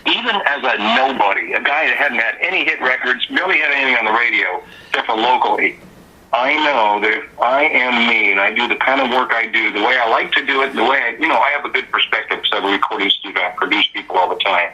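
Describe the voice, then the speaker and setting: Bright, husky male musician telling stories. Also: medium pitch, fast, highs cut off. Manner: animated anecdotal storyteller. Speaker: musician guest. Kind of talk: casual storytelling interview.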